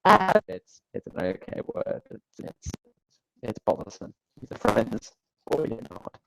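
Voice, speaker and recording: A male host talks through casual commentary with a dry, sarcastic edge, wandering off and restarting his sentences. His voice has a gravelly fry to it, and he sounds close and dry with no room around him. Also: mid-range voice, very animated, a little slow, a bit bright, no room sound, low-quality recording. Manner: sarcastic, rambling, with frequent fillers and restarts. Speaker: show host.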